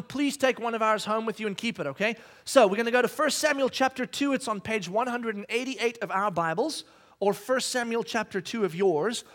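A man in his thirties delivers a sermon in a strikingly high voice. He talks conversationally, often restarting his sentences, and acts out each bit of quoted dialogue as he tells his stories. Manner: animated storytelling, acting out quoted dialogue. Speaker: pastor.

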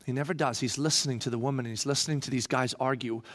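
A man preaching a sermon dramatically, swinging from hushed reading to loud emphasis. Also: medium pitch, fairly even intonation, rapid-fire.

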